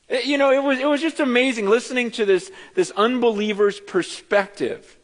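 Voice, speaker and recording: A middle-aged man pastor preaching a conversational, animated sermon, telling stories with self-deprecating asides. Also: extremely high pitch, normal speed, few pauses. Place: church sanctuary. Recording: reverberant church hall.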